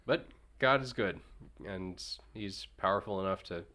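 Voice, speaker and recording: A man co-hosting a casual chat, talking haltingly with many fillers. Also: deep voice, sharp tone. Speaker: co-host.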